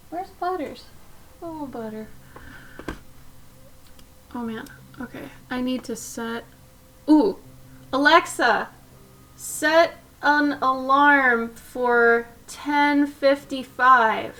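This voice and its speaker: Female streamer, high and unhurried, soft rambling casual chat, desk mic, faint music behind. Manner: chatty, soft-spoken, drifting between asides. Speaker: live-stream artist host. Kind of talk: casual chat while drawing.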